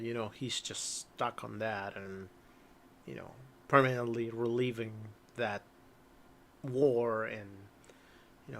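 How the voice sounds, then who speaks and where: A man's voice: medium pitch, a little hiss or hum. A man running a tabletop game as game master over a voice call, speaking in an easygoing, agreeable way. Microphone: computer mic on voice call.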